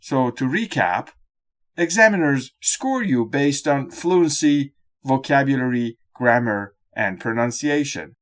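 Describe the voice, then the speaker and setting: A man delivers a scripted lesson narration in a measured, instructional manner. He speaks slowly, and his pitch moves a lot from phrase to phrase. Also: lively intonation. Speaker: exam-prep teacher.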